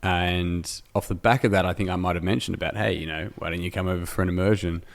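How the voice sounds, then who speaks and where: A man from Australia hosts a podcast interview, his voice sitting very low. He talks in a loose, rambling way, poking fun at himself as he goes. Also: steady tone, quick pace, gravelly. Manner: rambling, self-deprecating, jokey. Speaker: podcast host. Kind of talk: casual interview chat. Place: indoor room, in person.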